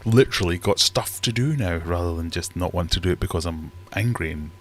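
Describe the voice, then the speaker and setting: A Scottish man with a low, deep voice hosts a casual live stream from his home fish room. He is middle-aged and chats in a loose, rambling way, often poking fun at himself. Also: brisk, a bit bright, a little hiss or hum. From Scotland. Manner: rambling, chatty and self-deprecating. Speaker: livestream host.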